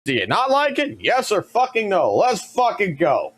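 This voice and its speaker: A man streaming, giving casual reaction commentary in a rambling, profane, excitable way. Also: high-pitched, normal speed, slightly rough.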